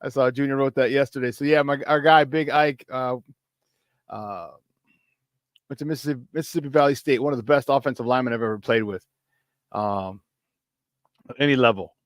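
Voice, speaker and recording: Here a former player hosts a football talk show, his mid-range voice running a little fast and pausing often in a clean, echo-free studio recording. He's energetic and chatty, laughing frequently, tossing out "baby" as hype while recounting locker-room tales.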